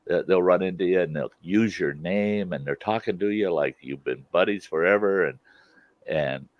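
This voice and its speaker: A man's voice: sits low, normal speed, no echo. A middle-aged man hosting a casual chat, telling stories with frequent laughter. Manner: laughs often, animated storytelling. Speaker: host. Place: outdoors at a campfire. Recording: dull lo-fi sound.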